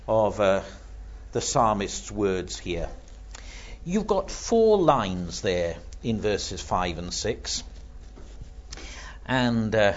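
A man's voice: medium pitch, lo-fi sound. A man preaching an expository sermon on a psalm, building to fervent emphasis.

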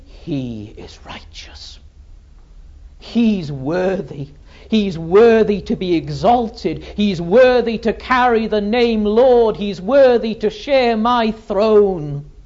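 God the Father speaks, as a man preaching puts him on, an ancient and solemn male deity. He talks slowly in repeating cadences, sinking to a hush and rising loud. The recording is dull and lo-fi. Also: high voice, voice pushed up. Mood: exalting. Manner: solemn, repetitive cadences, swings from hushed to loud.

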